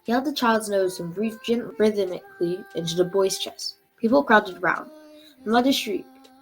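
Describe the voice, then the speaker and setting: Woman reading a story aloud. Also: medium pitch. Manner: measured, expressive reading. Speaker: storybook reader. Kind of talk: reading a book chapter aloud.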